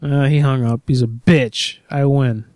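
A man's voice: medium pitch, steady tone, unhurried, very noisy. A man making prank phone calls and commenting on them, mocking and provocative, repeating his taunts. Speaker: prank caller and host.

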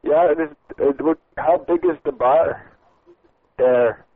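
Prank caller, adult man, slightly high voice, crude and rambling with mock-polite stalling, heard over a tinny phone-like line. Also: slow pace.

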